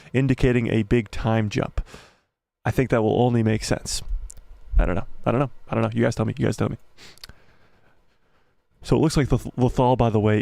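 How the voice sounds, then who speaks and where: Excitable man talking fast. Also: mid-range voice, no room sound. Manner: excitable, rapid, repeats phrases. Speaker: live stream host. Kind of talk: excited live trailer breakdown.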